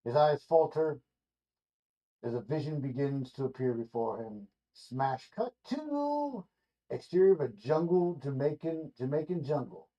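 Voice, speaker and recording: A man reading a rough draft screenplay aloud in a loose, ad-libbing way, correcting himself with casual asides, in a dull lo-fi recording. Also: medium pitch, normal speed, mellow. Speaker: screenplay reader.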